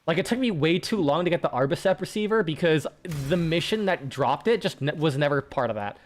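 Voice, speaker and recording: A man's voice: fairly high pitch, expressive, fairly quick. A young man streaming a game and chatting casually, rambling with frequent restarts and plenty of swearing. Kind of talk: casual gaming chat.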